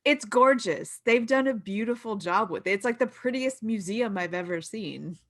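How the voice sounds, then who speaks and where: A woman co-hosting a podcast, chatting casually in an expressive way. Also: on the high side, moderate pace. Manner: expressive, laughs often. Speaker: podcast co-host. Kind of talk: casual chat.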